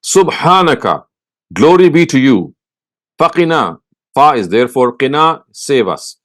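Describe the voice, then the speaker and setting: A man teaching a scripture lesson, glossing each word slowly and methodically before restating the meaning. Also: mid-range voice, sing-song, a bit bright. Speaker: Quran teacher.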